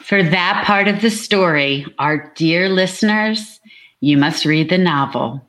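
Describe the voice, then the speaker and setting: A woman's voice: fairly low pitch, unhurried, fairly bright tone. A woman author speaking expressively during a book event livestream, laughing often, heard over a video call.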